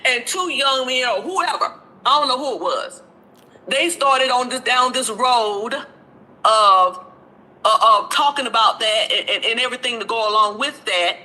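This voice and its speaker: A woman talks on a live stream in a bright, forceful tone that sits a bit high. She is defiant and confrontational, circling back to the same points. Her phrasing is blunt and casual. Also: normal speed, rough recording. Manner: confrontational, repetitive, calling people out.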